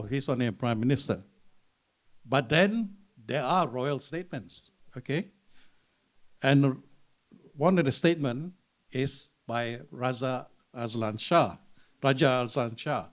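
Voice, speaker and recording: A man from Malaysia, giving a lecture-style symposium talk, reading out quotations and often checking in with "okay?". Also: mid-range voice. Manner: frequent checking "okay?" to the audience. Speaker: symposium speaker. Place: museum auditorium.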